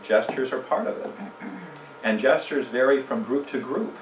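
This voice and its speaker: A man's voice: medium pitch, normal speed, slight background noise. A man teaching a church communication seminar in a conversational way, putting questions to the audience and telling jokes. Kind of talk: casual church seminar talk. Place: church room. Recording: echoey room, mic from a distance.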